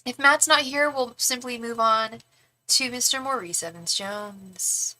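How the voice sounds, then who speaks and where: A young woman reading tarot on a livestream, chatting casually with viewers, thanking donors and softly repeating questions to her spirit guides. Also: fairly high pitch, measured pace.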